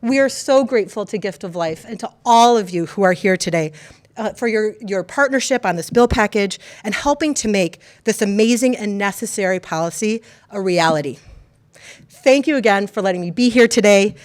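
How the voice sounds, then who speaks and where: A woman state legislator giving earnest, prepared remarks at a press conference. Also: medium pitch. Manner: earnest, reads from prepared text.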